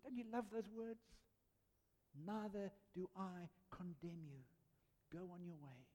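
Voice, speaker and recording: A man preaching a sermon, telling stories earnestly and emphatically with dramatic pauses. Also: high-pitched, expressive, a little mellow. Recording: long hall reverb.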